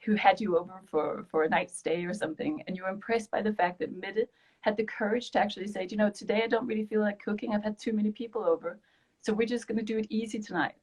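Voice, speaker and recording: A woman's voice: medium pitch, fairly even intonation, quick pace, darkish tone. A woman from Denmark, hosting a casual online interview over a video call and giving lots of encouraging agreement. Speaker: host.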